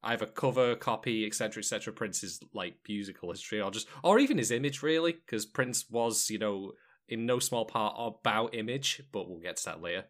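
Male host, animated pitch, bright tone, rambling and jokey. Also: brisk. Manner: rambling, wry and joking, many fillers and asides. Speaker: podcast host. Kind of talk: casual chat.

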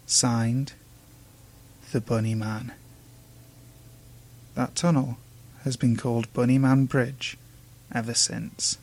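A man narrating urban legends in a measured, hushed, ominous way. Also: mid-range voice, flat delivery. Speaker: storyteller. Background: faint music.

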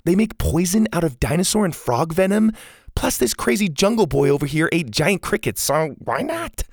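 A man voicing a bold, sarcastic girl at a camp in a storybook reading, with a husky, gravelly voice. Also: on the high side, very animated, normal speed, dry recording, studio quality, voice pushed up, exaggerated voice. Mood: teasing. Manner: teasing, sarcastic.

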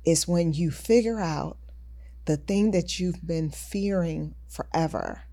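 A woman hosting a podcast, speaking in a measured, reflective, teaching way. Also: on the low side, warm tone. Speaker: podcast host. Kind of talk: reflective conversation.

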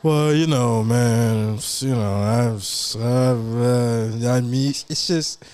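A man's voice: mid-range voice, slow. A young man co-hosting a podcast, telling stories with lots of laughter and joking. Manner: laughing, joking, animated storytelling. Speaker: podcast co-host. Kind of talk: casual chat.

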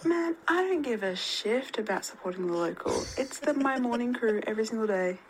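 A woman leaving a chatty voice memo for a morning show, telling a quick story. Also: fairly high pitch, lively intonation, slight background noise, poor audio. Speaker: listener sending a voice memo.

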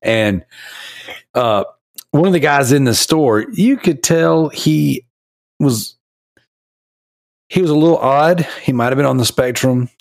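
A man's voice: medium pitch, slow pace, creaky, pauses often, no echo, clean studio sound. A man in his thirties hosting a podcast, telling funny stories in casual chat with a lot of laughter. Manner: animated, laughing storyteller. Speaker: podcast host.

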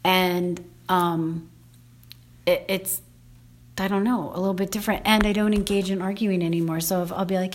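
A woman's voice: lowish voice, fairly even intonation, normal speed, slight background noise. A woman chatting casually on her husband's podcast, explaining how she handles her kids and quoting what they say. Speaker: podcast co-host, host's wife. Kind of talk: casual conversational chat.

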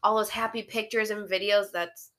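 A woman's voice: mid-range voice, steady tone, normal speed, pushed and bright. A woman hosting a podcast, talking in a chatty, playful way with lots of "like" fillers. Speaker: podcast host. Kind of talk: casual podcast chat.

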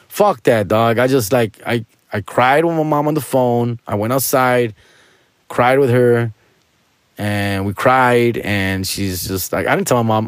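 A man's voice: medium pitch, normal speed, no echo, studio quality. A male stand-up comedian telling a personal story to listeners in a casual, candid way, full of street slang. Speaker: stand-up comedian, podcast host.

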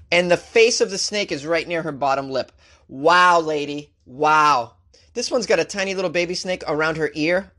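A male talk show host reading out odd news stories and mocking them sarcastically, with big jumps in pitch. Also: fairly bright tone. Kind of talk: comic news commentary.

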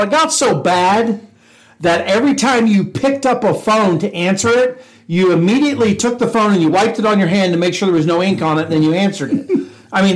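A man's voice: sits high, low-quality recording. A man co-hosting a podcast, a former police officer telling a workplace prank story, laughing through the punchlines and acting out quotes. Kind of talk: casual storytelling chat.

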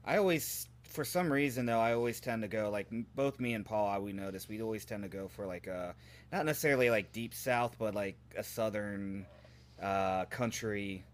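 A man's voice: fairly low pitch, moderate pace. A man chatting casually, hesitant and full of fillers. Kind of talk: casual chat.

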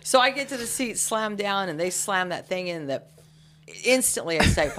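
A woman's voice: medium pitch, normal speed, slight background noise. A woman in her sixties telling wild stories on a podcast, swearing freely and laughing as she talks. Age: 60s. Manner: profane, laughing, animated storyteller. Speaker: guest, host's mother. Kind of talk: casual podcast storytelling.

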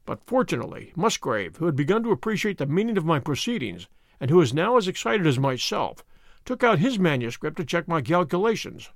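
A precise middle-aged detective narrating a radio play, gravelly, very expressive pitch. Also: male voice, no room sound, studio quality. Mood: measured. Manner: precise, measured storytelling. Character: Holmes, sharp methodical male detective narrating.

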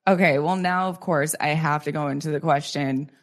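A woman's voice: sits low, fairly even intonation, moderate pace. A young woman interviewing guests on a podcast, asking teasing, playful questions. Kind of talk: casual interview chat.

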